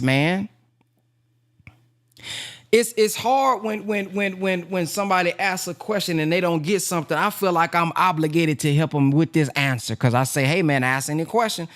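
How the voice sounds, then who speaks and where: A man who is a minister and business teacher gives a casual, heartfelt talk in a plain-spoken, animated way. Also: high voice. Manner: animated, plain-spoken, acts out quoted voices.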